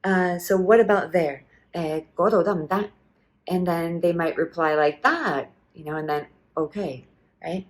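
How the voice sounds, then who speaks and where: Woman, lower register, casual patient teacher who models phrases and says "uh" a lot. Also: normal speed. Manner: explains patiently, modelling phrases with many fillers. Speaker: language teacher. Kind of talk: casual language lesson.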